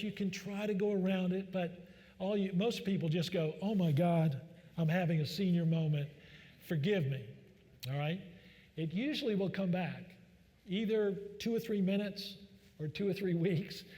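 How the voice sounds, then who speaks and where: A man's voice: high voice, a little mellow. A man, a doctor, giving a joking, folksy public talk full of fillers in a large church hall. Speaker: physician speaker. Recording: long reverb of a large hall.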